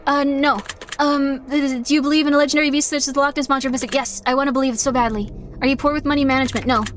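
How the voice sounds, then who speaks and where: A woman's voice: sits high, flat delivery, racing, fairly bright tone, a little hiss or hum. A young woman streamer chatting casually while she plays, rambling with lots of fillers and self-deprecating asides. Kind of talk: casual live-stream chat while gaming.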